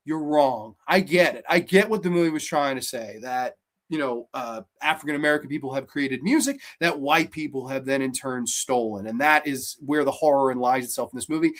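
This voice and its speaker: A male horror podcast host rants through a movie review in a casual, profane, sarcastic manner. He swings between loud outbursts and low muttering and mocks the characters using silly voices.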